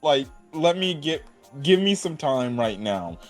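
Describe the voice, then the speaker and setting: A man's voice: fairly high pitch, sing-song, a little slow, faint music behind. A man voicing a panicky, flustered teenage anime girl in casual slang. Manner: frantic, swearing, casual slang.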